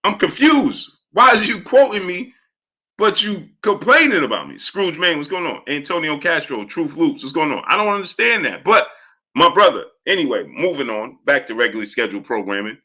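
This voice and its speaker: Man, live-stream host, bright tense voice, a bit high, animated, repeats catchphrases. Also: brisk. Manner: animated, repeats catchphrases, greets viewers by name. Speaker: live-stream host reading viewer chat. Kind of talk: casual live-stream chat.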